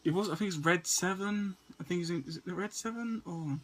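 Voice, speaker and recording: A man's voice: high-pitched, moderate pace, a bit bright. A man, stuttering and restarting often as he casually talks through a list of movies to his camera. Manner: stutters and repeats words often. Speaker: movie vlogger.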